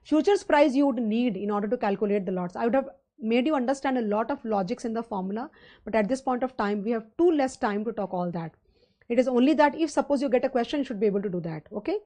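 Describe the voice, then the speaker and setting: Mellow-voiced Indian woman lecturing. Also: fairly high pitch, expressive, quick pace. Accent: Indian English. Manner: conversational, rambling teaching with fillers and rhetorical questions. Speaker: finance lecturer. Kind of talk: live online lecture.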